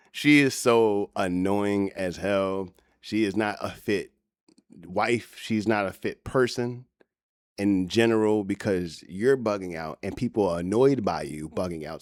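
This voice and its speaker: A man's voice: sits low, dry recording, clean studio sound. A man hosting a reaction video, giving blunt, scornful and profane commentary.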